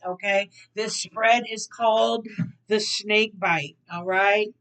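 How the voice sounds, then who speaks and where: A sassy woman tarot reader chatting casually to her viewers. Her voice sits at a middling pitch, and she repeats her phrases playfully. She slides from soft, low murmurs into loud, teasing outbursts. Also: a little slow. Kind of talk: casual tarot reading chat.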